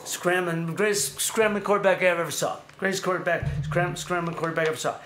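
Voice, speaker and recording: A man hosting a casual livestream, ranting animatedly and sometimes shouting. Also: sits high, fairly even intonation, fast talker, roomy sound, a little hiss or hum. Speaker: show host. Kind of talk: casual livestream rant and chat.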